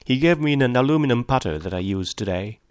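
A man's voice: mid-range voice, expressive, quick pace, no room sound, close to an everyday voice. A man reading an audiobook, voicing a cool young sportswoman who tells things in a dry, matter-of-fact way.

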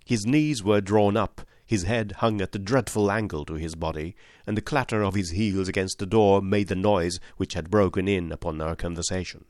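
A man narrating a classic story in an expressive, dramatic reading style. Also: low-pitched, moderate pace, hardly any pauses, dry recording, clean studio sound. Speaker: audiobook narrator.

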